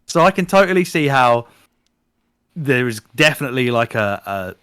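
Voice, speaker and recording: A man co-hosting a podcast in casual chat, animated and swearing freely while retelling things. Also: medium pitch, normal speed, clean tone, no echo, studio quality. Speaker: podcast co-host. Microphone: podcast microphone.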